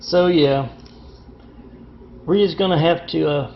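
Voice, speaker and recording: A man's voice: a little high, takes it slowly, vocal fry, lo-fi sound, a little hiss or hum. A man telling a meandering, conspiratorial monologue as a vlogger, with many fillers and restarts. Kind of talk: rambling monologue.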